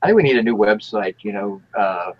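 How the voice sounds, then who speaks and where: A man hosting a casual chat show, talking in a relaxed, joking way and often restarting his sentences. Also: lowish voice, brisk, lo-fi sound. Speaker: podcast host.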